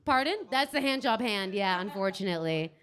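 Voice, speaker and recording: A woman's voice: medium pitch, expressive, fairly quick, fairly bright tone. A young Canadian woman doing stand-up crowd work in a comedy club basement, teasing the audience and swearing freely.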